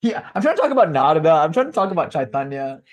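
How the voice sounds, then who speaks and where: A young man in his twenties lectures a class in a relaxed, joking way. His voice sits fairly high for a man, and he wanders into laughing asides before pulling back to the point. The delivery is lively and conversational. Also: dull audio. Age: 20s. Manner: lively, digressive, quick to laugh. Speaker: lecturer on bhakti philosophy.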